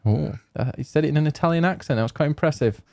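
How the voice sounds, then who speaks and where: A man's voice: a little high, quick pace, vocal fry, a little mellow, no room sound. A man hosting a games podcast, rambling and joking in casual banter. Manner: jokey, rambling, self-mocking. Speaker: podcast host.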